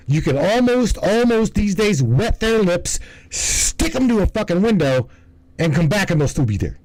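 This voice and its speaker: A man's voice: fairly high pitch, a little mellow, no room sound, poor audio. Rambling, profane male stream host. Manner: rambling, profane, stumbles and restarts. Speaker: livestream host. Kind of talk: casual commentary.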